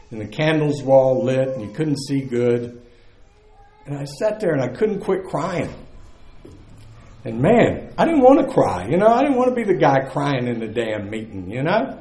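A man's voice: medium pitch, a little mellow, roomy sound. A man, telling his recovery story to a live meeting in a candid, earthy, conversational way. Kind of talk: personal testimony to a live audience.

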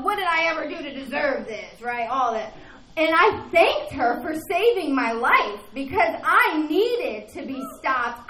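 A woman shares her recovery story at a meeting in a very high, bright voice. She talks in a rambling, earnest way and keeps asking the room "right?". The sound is roomy, as if caught in an echoey meeting hall.

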